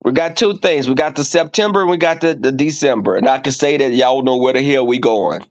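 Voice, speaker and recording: A male livestream host with a medium-pitched voice talks fairly quickly. Casual and profane with his viewers, he acts out quoted exchanges in animated stories. The stream audio sounds dull and lo-fi.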